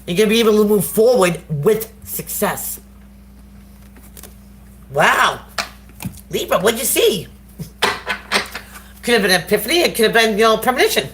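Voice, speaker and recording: A woman's voice: medium pitch, animated, moderate pace, pauses often, a little hiss or hum. Casual slangy woman tarot reader. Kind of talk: live tarot reading to viewers. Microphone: phone.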